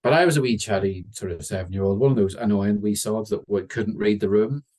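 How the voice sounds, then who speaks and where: A man telling a story in a wry, conversational way, slowing down for dramatic moments. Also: fairly low pitch, darkish tone. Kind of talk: oral storytelling.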